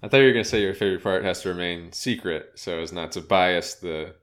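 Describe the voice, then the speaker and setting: A man with a fairly low voice chats casually as a podcast co-host. His manner is dry and offhand, moving easily from remark to remark. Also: fast, fairly bright tone. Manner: dry, offhand, reads aloud in a mock announcer voice. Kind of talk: casual chat.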